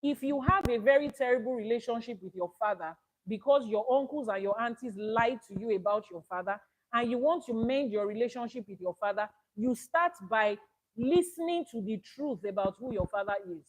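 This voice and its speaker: A woman's voice: a little high, animated, fairly quick, rough recording. A woman with a Nigerian accent, an Ifá priestess giving a spoken teaching broadcast, arguing through rhetorical questions.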